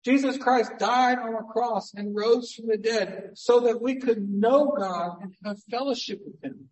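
A man preaching a sermon as pastor, conversational, moving between emphatic stresses and hushed asides. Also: very high voice, unhurried, distant mic, lo-fi sound.

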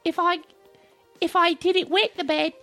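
An eager, high little boy. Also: moderate pace, creaky, pushed and bright, soft background music, exaggerated voice. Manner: eager, repeating himself, giggling. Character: earnest little boy who loves comic books.

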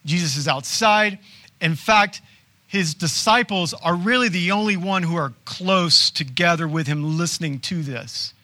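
A male pastor delivering a sermon with a bright, forceful voice pitched somewhat high for a man. He preaches conversationally, asking rhetorical questions and dropping quick asides.

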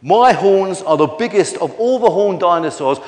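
Tina, a man doing a bragging squeaky triceratops girl. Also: animated, moderate pace, darkish tone, roomy sound, long reverb tail. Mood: boastful. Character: boastful female triceratops, big-horned and proud.

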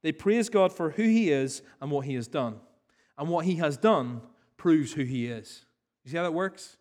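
A man's voice: on the high side, animated, moderate pace, a little mellow. A male pastor preaching an earnest sermon, repeating key phrases for emphasis and then leading a prayer. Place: church hall.

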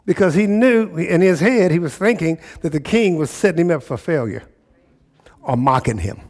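A man's voice: fairly high pitch, lively intonation, normal speed, a little mellow. A pastor preaching a sermon, emphatic, repeating phrases and checking in with his listeners.

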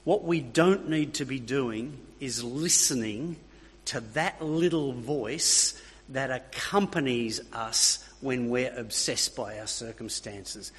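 A man's voice: medium pitch, slow pace, slightly rough. A man preaching a sermon, emphatic, repeating key phrases and checking in with his listeners. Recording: long reverb of a hall.

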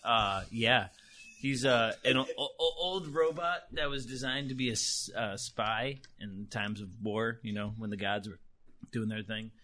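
Bright-voiced young man, halting. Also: medium pitch, slight background noise. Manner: hesitant, halting. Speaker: player. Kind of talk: describing his character at a tabletop game.

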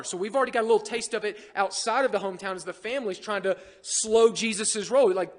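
A man with a high voice preaches a sermon to his church, animated and full of jokes aimed at the congregation. His voice rings out with a long reverb, as if it were filling a church sanctuary. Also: fast, few pauses. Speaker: pastor.

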